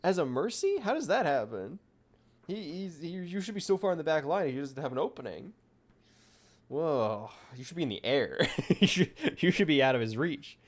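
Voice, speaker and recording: A man's voice: a little high, lively intonation, moderate pace. A man streaming live as a VTuber, chatting casually and rambling playfully to himself while he draws.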